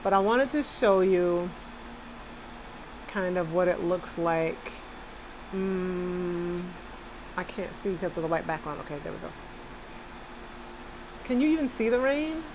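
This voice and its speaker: A young adult woman from Brooklyn, New York, USA, chats casually and animatedly with live-stream viewers from her bed at home on a rainy day. Her lowish voice is unhurried with long pauses, over background noise, and she addresses viewers directly with a Southern "y'all."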